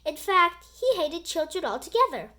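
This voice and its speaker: A woman reading a children's book aloud in an animated, expressive storytelling voice. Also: very high-pitched, moderate pace.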